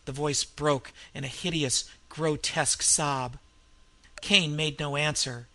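Man, narrator, dark adventure story reading, bright tone, somewhat high pitch. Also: fairly even intonation, slow pace.

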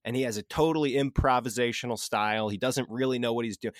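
A man hosting a podcast in casual chat, relaxed and conversational, swearing freely. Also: medium pitch, fast talker, no room sound, studio quality. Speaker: podcast host.

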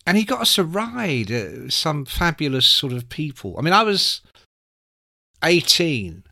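A man, telling anecdotes as a guest, animated and swearing freely. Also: fairly high pitch, a little slow, creaky, no echo, studio quality. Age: 60s. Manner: animated, acts out quoted voices, swears freely. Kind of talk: casual storytelling.

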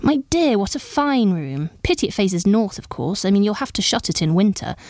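A woman's voice: mid-range voice, big pitch swings, a little mellow, dry recording. A woman reading aloud and voicing an emphatic, gushing society lady who overrules everyone. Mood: gushing, bossy. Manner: emphatic, exclaiming, quick to overrule.

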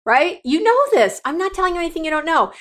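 A woman's voice: very high voice, lively intonation, fast talker, fairly bright tone. A middle-aged woman hosting a solo podcast, talking straight to her listeners in a direct, coaching and emotional way. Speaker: podcast host.

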